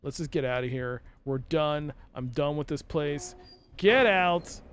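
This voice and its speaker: A man's voice: a little high, level tone, normal speed, clean tone. A young man streaming a game live, rambling and mocking himself as he talks to himself and his chat, full of fillers. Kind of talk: casual live-stream commentary.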